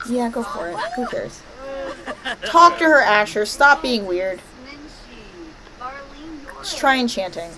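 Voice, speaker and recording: A woman's voice: a little high, sing-song, slow pace, long pauses, a crowd in the background, poor audio. A woman streaming a life-sim game, commenting playfully and bossing her characters around. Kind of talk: live gameplay commentary.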